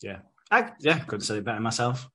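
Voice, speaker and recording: A man's voice: medium pitch, expressive, brisk, bright, forceful tone. A man co-hosting a podcast, rambling through a soap recap in casual chat with many fillers and swearing. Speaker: podcast co-host.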